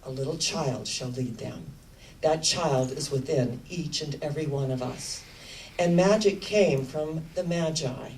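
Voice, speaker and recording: Low-voiced woman preaching a sermon. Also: slight background noise. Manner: animated and affirming, addresses the congregation with questions. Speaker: minister. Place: church sanctuary. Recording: distant sermon recording with music behind. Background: music playing.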